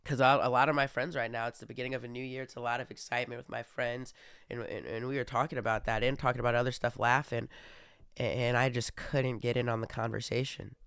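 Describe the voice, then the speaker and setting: A man's voice: medium pitch, flat delivery, fast talker, gravelly, fairly bright tone, clear, resonant tone, dry recording. A young man hosting a casual monologue, rambling with many fillers and restarts. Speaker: podcast host.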